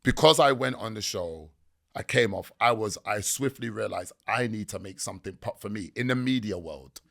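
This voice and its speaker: A man, a podcast guest telling stories in a lively, slangy way. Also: on the low side, normal speed, vocal fry. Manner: animated storytelling with slang. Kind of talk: casual podcast interview.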